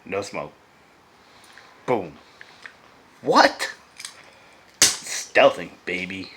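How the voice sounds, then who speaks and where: A man casually chatting to camera as a vlogger, loose, profane and enthusiastic, often dropping to a hush. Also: mid-range voice, animated, normal speed, heavy background noise. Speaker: vlogger reviewing beer and vape pairings.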